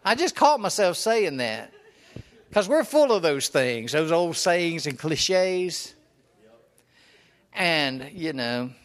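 A man's voice: a little high, fairly bright tone. A man in his seventies preaching a folksy sermon, telling personal stories in a homespun, chuckling way. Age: 70s.

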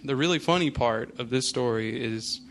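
A male pastor speaking at a middle pitch, loose and conversational, leaning on fillers as he tells a story. The telling has an easy, unhurried sermon feel. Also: fairly bright tone. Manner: casual storytelling, many fillers. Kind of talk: sermon with personal anecdote.

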